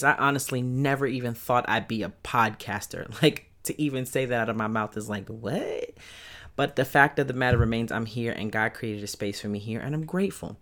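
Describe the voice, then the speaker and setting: A woman in her thirties from Brooklyn with a New York accent, hosting a casual solo podcast in an upbeat, chatty way. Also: extremely low pitch. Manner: upbeat and chatty, with loud excited peaks. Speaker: podcast host.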